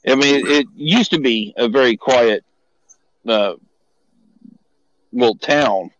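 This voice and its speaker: A man's voice: medium pitch, slow, fairly bright tone, no echo, lo-fi sound. A man from Texas in casual podcast chat, telling easygoing stories.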